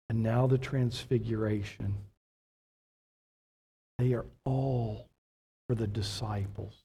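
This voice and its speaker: A man's voice: mid-range voice, breathy edge. A man preaching a sermon as pastor, asking rhetorical questions and building to emphatic points. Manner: animated preaching with rhetorical questions, slow measured delivery.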